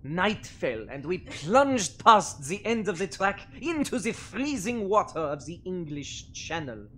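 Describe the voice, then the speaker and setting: Woman narrator, very low voice, slow playful game read-aloud. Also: big pitch swings, a bit bright, a little hiss or hum.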